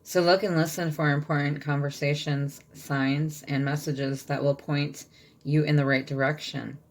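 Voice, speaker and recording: A woman's voice: low voice, flat delivery, normal speed. A woman giving a channeled tarot reading, reading card texts aloud and checking in with her listeners. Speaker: tarot reader.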